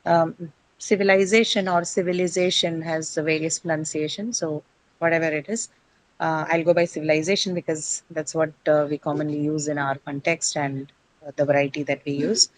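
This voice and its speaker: Low-pitched and level in tone, a woman at a moderate pace walks a class through English pronunciation, patiently posing questions and then answering them, with many a "right?". The recording is of low quality.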